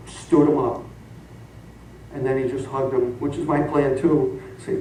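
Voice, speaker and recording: In an echoey church sanctuary recorded from far away, with a little hiss or hum, a middle-aged man preaches through stories and laughs as he tells them. This pastor is animated, with a medium-pitched voice at normal speed.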